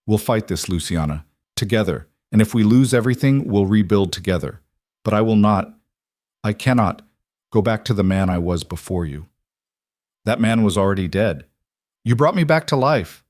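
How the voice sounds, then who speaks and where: A man voicing a brooding young duke who speaks quietly and earnestly, in an audiobook romance. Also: fairly low pitch, lively intonation, moderate pace, dry recording, clean studio sound, natural voice. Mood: tender.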